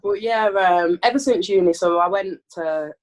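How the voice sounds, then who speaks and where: A woman's voice: fairly low pitch, normal speed. A woman in her thirties from Birmingham, with a Birmingham accent with a bit of Manchester in it, chatting as a podcast guest. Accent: Birmingham with a Manchester tinge. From Birmingham, England. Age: 30s. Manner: relaxed and chatty, with soft fillers. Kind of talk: casual chat.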